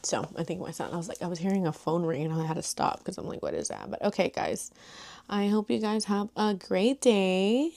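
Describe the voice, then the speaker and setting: A woman's voice: mid-range voice, brisk, darkish tone. Rambling, chatty young woman vlogger. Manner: chatty and rambling, full of "like" and "you know". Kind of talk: casual chat to camera.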